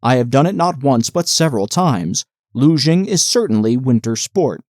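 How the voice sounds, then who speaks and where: A man's voice: mid-range voice, animated, normal speed, a little mellow, no echo, clean studio sound, lightly acted. A man voicing a pompous, argumentative male official who insists on every detail. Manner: insistent, pedantic.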